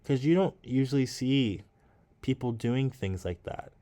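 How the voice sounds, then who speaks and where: A man's voice: medium pitch, unhurried, dark tone. A man talking casually and thoughtfully to his viewers while he paints, musing and encouraging himself. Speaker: artist and vlogger.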